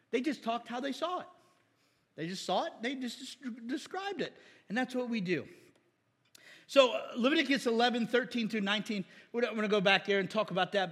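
A man preaching a sermon in a lively, joking way, asking the crowd rhetorical questions and acting out mock voices. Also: high-pitched, husky, in a large hall. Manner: animated, jokey, acts out mock voices and asks rhetorical questions.

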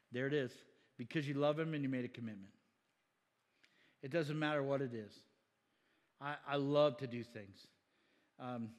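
A man preaching a sermon in an animated, chatty way, laughing often and voicing quoted people. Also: medium pitch, long reverb tail.

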